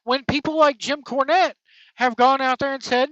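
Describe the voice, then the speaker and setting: Blunt, profane podcast host mid-rant; high-ish voice, dull lo-fi sound. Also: steady tone, normal speed, fairly bright tone, no room sound. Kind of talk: angry opinion rant. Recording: dull lo-fi dry recording.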